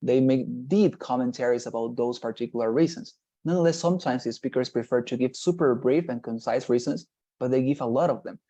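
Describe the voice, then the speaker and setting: Guy teaching an online class, mellow relaxed tone, keeps saying "right?". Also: mid-range voice, brisk. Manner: explanatory, repeats "nonetheless" and "right?". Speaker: English exam teacher.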